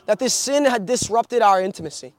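High-voiced young man preaching. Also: animated, fairly quick, no room sound. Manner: storytelling with frequent restarts and filler. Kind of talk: sermon.

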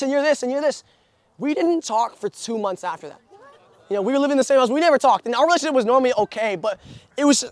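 A man's voice: extremely high pitch, a bit bright, no echo. A young man preaching a sermon, telling stories with many restarts and fillers. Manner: storytelling with frequent restarts and filler.

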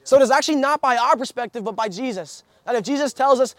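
A man's voice: extremely high pitch, fast, few pauses, a bit bright, no room sound. A young man preaching a sermon, telling stories with many restarts and fillers. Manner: storytelling with frequent restarts and filler.

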